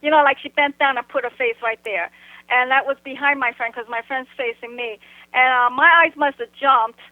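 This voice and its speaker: A woman guest on a phone line, telling her story bluntly and haltingly, with plenty of "you know" and "like". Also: high voice, steady tone, dry recording. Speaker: guest recounting an encounter. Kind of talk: casual phone interview.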